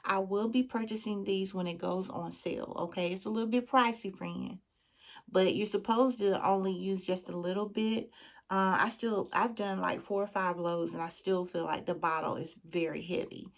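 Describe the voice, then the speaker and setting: A Southern woman talking straight to her viewers in a relaxed, informal vlog. She keeps calling them friend and girl, and her pitch sits right in the middle for a woman. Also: normal speed, creaky. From Southern United States. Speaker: beauty vlogger. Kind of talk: casual chat.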